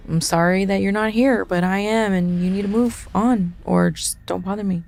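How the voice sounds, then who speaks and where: A woman telling a ghost story in a casual, animated way, acting out the quotes and swearing as she goes. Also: mid-range voice, moderate pace, gravelly. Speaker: guest.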